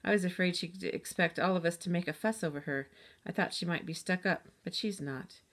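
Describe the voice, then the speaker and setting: A woman voicing an outspoken, teasing young girl in a storybook, blunt and quick to mock. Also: lowish voice, natural voice. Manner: blunt, mocking, mimics a hoity-toity voice.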